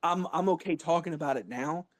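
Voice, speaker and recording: A man's voice: on the high side, fairly quick, dry recording. Impassioned, emphatic man in his thirties. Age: 30s. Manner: emphatic, profane and blunt, with repetition and restarts. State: emotional. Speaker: guest speaker. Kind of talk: impassioned talk in a live online audio room.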